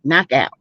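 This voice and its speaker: A mid-range female voice with a breathy edge comes through a dry, dull lo-fi stream recording. The speaker, a middle-aged woman from South Carolina, US, hosts an informal gossip livestream, lively and exclamatory as she speaks directly to the chat.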